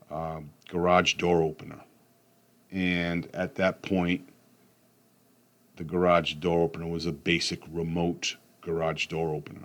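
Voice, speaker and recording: Low-voiced man giving a rambling motivational talk. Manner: rambling, with frequent "you know what I mean" asides.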